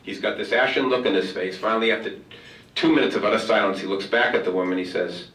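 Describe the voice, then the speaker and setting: A man's voice: lowish voice, quick pace, fairly bright tone. A man giving a motivational keynote, telling a humorous story and acting out the dialogue. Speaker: keynote speaker. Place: large conference hall. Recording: roomy hall, far from mic.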